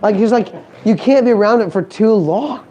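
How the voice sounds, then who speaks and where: A man's voice: high-pitched, moderate pace, highs cut off. A man giving a live motivational talk on a conference stage, joking and asking the audience questions. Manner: animated, joking, asks the crowd questions. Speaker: motivational speaker.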